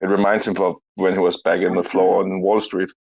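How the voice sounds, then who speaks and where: A man's voice: low-pitched, flat delivery, a little fast, creaky, dull audio. A man on a live audio chat, hyped up and swearing, with an easy laugh. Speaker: guest. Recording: loud music playing behind.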